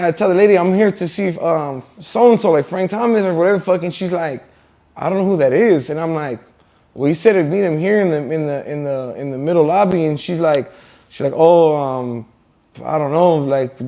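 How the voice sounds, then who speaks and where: A man, his voice pitched a little high, tells a story in a loose, rambling way. Curse words and fillers pile up as he goes, in casual interview talk. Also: brisk, mellow. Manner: profane, rambling with many fillers. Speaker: interview guest.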